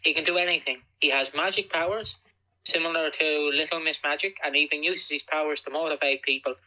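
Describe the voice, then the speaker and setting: A man's voice: fairly high pitch, fairly even intonation, pushed and bright, low-quality recording. A man co-hosting a podcast in a playful, teasing way, cracking jokes as he reads out trivia. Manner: playful, teasing, quick to joke. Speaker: podcast co-host. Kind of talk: casual joking podcast chat.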